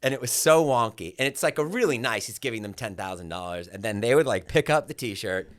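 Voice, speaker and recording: A man's voice: mid-range voice, brisk, dry recording, studio quality. A man in his forties, a podcast guest telling stories in casual chat and acting out what others said. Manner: animated storyteller, acts out quotes loudly.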